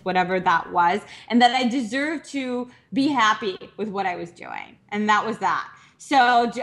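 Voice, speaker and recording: A woman's voice: mid-range voice, a bit bright. A woman in her thirties from Minnesota, telling her startup story as a speaker in a candid, conversational way, with self-deprecating humor and many fillers. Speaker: entrepreneur speaker. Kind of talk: personal story talk. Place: live virtual speaker broadcast.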